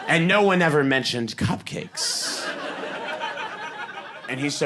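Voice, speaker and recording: A man doing a stand-up comedy set, animated and building to exasperated shouting. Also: on the high side, takes it slowly, long pauses, background noise.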